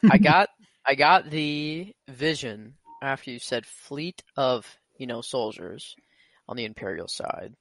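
Slow gravelly man, lively pitch. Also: dry recording. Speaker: podcast co-host. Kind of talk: casual chat.

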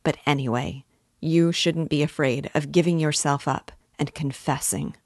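A woman's voice: deep voice, normal speed, no room sound, studio quality. Woman reading as an earnest pleading police investigator. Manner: pleading, insistent, fatherly. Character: earnest persuasive middle-aged male police investigator.

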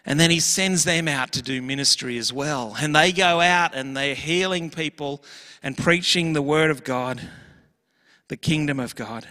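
A man preaches in a church, earnest and emphatic. His voice sits a little high and rings bright. The hall behind him lets every phrase trail off in a long echo. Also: a little slow. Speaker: pastor. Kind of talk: sermon.

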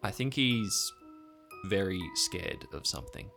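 A man voicing a cautious male companion in a tabletop game, speaking in a low confiding tone. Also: animated, measured pace, gravelly, music in the background, exaggerated voice.

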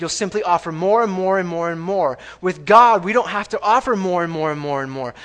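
A man preaching a sermon in a church, talking in a conversational way and checking in with the congregation, going from loud emphatic lines to hushed reading. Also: sits high. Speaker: pastor. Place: church sanctuary.

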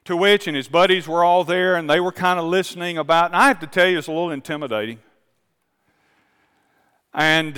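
A male pastor, preaching a sermon. He tells a story calmly, then builds to fervent appeals to the congregation. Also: fairly high pitch, smooth, big-room sound. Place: large church auditorium.

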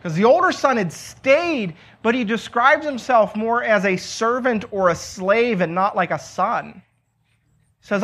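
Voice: mid-range voice, lively intonation, measured pace, a bit bright. Conversational preacher retelling a scripture story. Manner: conversational, asks rhetorical questions; retells scripture in plain everyday words. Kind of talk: conversational Bible teaching.

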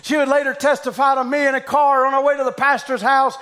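A man preaching a revival sermon, fervent and shouting out hallelujahs as he prays over the congregation. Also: very high voice, flat delivery, quick pace. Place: church building with congregation.

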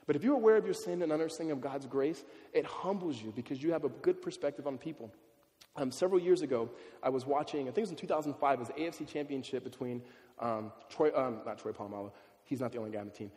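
Conversational preacher in a reverberant hall. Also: male voice, medium pitch, animated, quick pace, dark tone. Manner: conversational, often asks "right?" and repeats words. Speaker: pastor. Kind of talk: sermon.

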